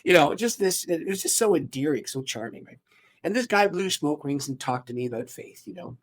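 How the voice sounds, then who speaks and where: A man, a pastor, telling his life story in an interview, animated and acting out the people he quotes. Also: a little high, a little fast.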